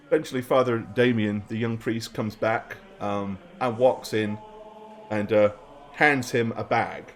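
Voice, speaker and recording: A man narrating a tabletop game as game master, relaxed and chatty with fillers. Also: fairly low pitch, measured pace, a little hiss or hum.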